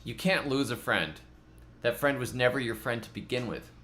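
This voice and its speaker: A man's voice: medium pitch, lively intonation, normal speed, a bit bright. A middle-aged man hosting a gardening channel, chatting loosely in a rambling, self-mocking way and often repeating his words. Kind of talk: casual rambling vlog chat.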